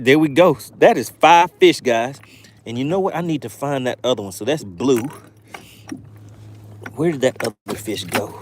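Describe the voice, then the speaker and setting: A man hosting a live fishing stream from a boat outdoors, reading chat and shouting playful catchphrases. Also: medium pitch, a little hiss or hum. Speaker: fishing livestream host.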